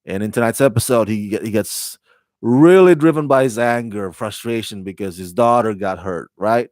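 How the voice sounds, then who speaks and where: A man's voice: fairly low pitch, normal speed, darkish tone, dry recording. A man hosting a casual spoken TV review, talking in a rambling, chatty way with fillers and self-corrections. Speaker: TV review host.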